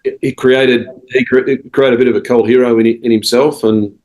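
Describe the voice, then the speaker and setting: A man's voice: mid-range voice, fairly even intonation, moderate pace, darkish tone, rough recording. An Australian man, a cricket coach and podcast guest, telling stories in a rambling casual way with quoted dialogue. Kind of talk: casual storytelling interview.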